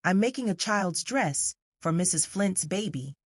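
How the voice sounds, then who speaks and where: Woman reading a soft-spoken dreamy lady. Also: on the low side, animated, measured pace, husky, no room sound, clean studio sound. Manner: soft and absent.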